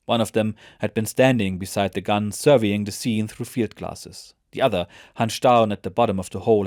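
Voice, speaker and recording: Low-voiced man reading a war memoir. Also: no room sound, studio quality. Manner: measured, even narration. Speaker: narrator.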